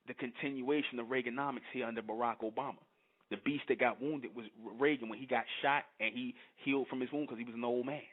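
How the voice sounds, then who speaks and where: A man hosting a show and preaching Bible commentary, mixing old scripture with blunt slang and asking again and again whether his listeners understand. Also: medium pitch. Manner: preachy, repeatedly asks "you understand?"; mixes King James verses with blunt slang. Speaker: show host. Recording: tinny phone-like audio.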